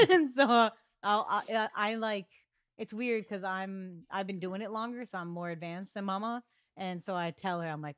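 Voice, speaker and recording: A woman's voice: medium pitch, moderate pace, no room sound, studio quality. Teasing woman on a podcast. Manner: teasing, playful, laughs often. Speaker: podcast co-host. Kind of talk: casual podcast chat.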